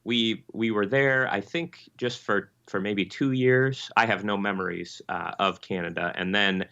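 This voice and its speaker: A pastor from Michigan with an Upper Midwest accent, answering interview questions in a halting way with many ums and restarts. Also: male voice, fairly low pitch, creaky, bright, forceful tone, smooth, lo-fi sound. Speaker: Lutheran pastor, interview guest.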